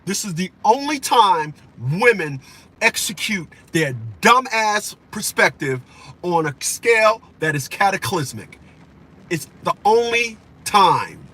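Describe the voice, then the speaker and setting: A man's voice: sits high, big pitch swings, slow pace, bright, forceful tone, slightly rough. A man delivering a heated, profane opinion rant as a vlogger, repeating himself for emphasis.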